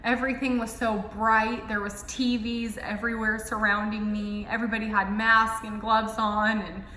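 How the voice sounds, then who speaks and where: A woman's voice: fairly high pitch, flat delivery, moderate pace, sharp tone, reverberant, long reverb tail, slight background noise, poor audio. A young woman vlogger telling a personal story in a casual, emotional way, full of "like" fillers.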